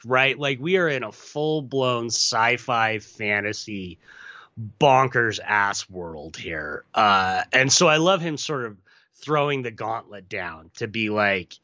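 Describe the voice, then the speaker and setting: An American man co-hosting a podcast, chatting casually and enthusiastically about an action film with quick asides. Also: mid-range voice, animated, bright, forceful tone, dry recording, lo-fi sound. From United States. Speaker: podcast co-host. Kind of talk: casual film review chat.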